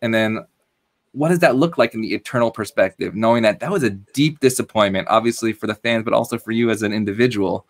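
A man's voice: fairly low pitch, fast. A man, a rabbi, hosting an interview and asking long, conversational questions.

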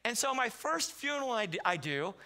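A man's voice: extremely high pitch, fairly quick. A man preaching as a guest pastor, telling comic stories and acting out the voices in them. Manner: animated, comic storytelling with acted-out quotes. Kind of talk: storytelling sermon. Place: church sanctuary.

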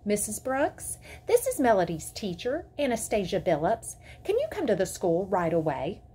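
A woman's voice: medium pitch, big pitch swings, normal speed, warm tone, husky. A woman voicing a condescending schoolteacher in a prim, professional tone while reading a story aloud. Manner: superior, professional teacher tone.

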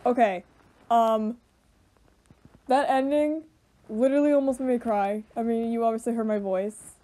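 A young woman giving emotional reaction commentary, choked up and halting, with many fillers and restarts. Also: fairly high pitch, fairly even intonation, dark tone, low-quality recording. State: choked up, voice tearful. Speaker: video reactor.

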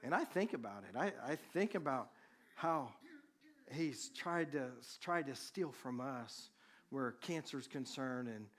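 A male pastor, preaching in an easy conversational way. He tells a personal story to the congregation and gets animated at the exciting parts. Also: medium pitch, measured pace.

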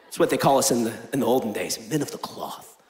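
A young man preaching in a large church, joking with the crowd and then proclaiming loudly, swinging between booming declarations and quiet asides. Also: fast. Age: young adult. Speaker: pastor. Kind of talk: energetic sermon with jokes. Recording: echoey church hall.

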